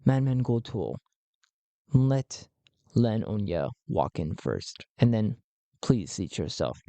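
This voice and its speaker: A man voicing a polite, diplomatic mediator who speaks formally and tries to calm two rivals. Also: lowish voice, takes it slowly, creaky, dry recording, pitched below the performer's own voice, exaggerated voice. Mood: courteous. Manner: courteous and placating, formal speech.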